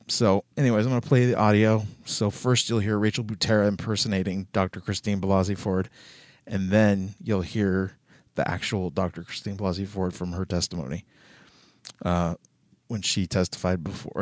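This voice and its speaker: A man's voice: low voice, no echo, clean studio sound. A man hosting a casual commentary show, loose and swearing, with lots of fillers. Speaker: host.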